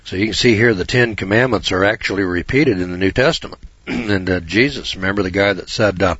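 A man hosting a talk show, rambling in a folksy, digressive way about scripture with many pauses and restarts. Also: low voice, fairly bright tone, breathy edge, dry recording, muffled recording.

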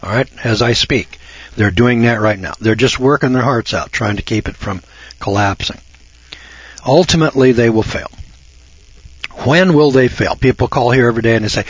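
An older man from the United States holds forth as a radio host in a folksy, emphatic monologue. His voice sits in a middle pitch with a slightly husky edge. The sound is dry and dull, like lo-fi broadcast audio. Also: normal speed, dry recording. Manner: folksy, emphatic, repeats himself, mocks callers in a raised voice. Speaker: radio talk show host.

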